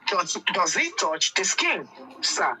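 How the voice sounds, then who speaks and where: A woman with a Nigerian accent, a panelist in a heated debate, questioning insistently and with deliberate emphasis. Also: fairly low pitch, big pitch swings, pushed and bright, faint music behind, poor audio.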